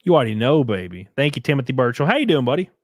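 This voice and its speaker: A man's voice: mid-range voice, big pitch swings, rapid-fire, no room sound, clean studio sound. A man streaming casually, reading viewer comments and effusively thanking them in a loose, profane way. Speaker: streamer and race car driver.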